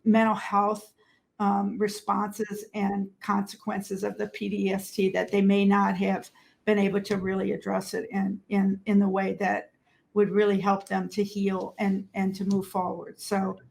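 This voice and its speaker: Casting note: woman, monotone delivery, gravelly fry, panel talk over a video call. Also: medium pitch, a little slow. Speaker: service provider on a panel. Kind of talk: panel discussion.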